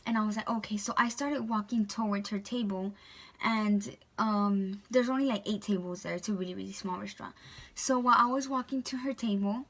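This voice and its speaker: A woman's voice: medium pitch, brisk. A young woman vlogger telling a storytime in a chatty way, full of "like" and "um". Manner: chatty, filler-heavy, lots of "like" and "um". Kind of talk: storytime vlog.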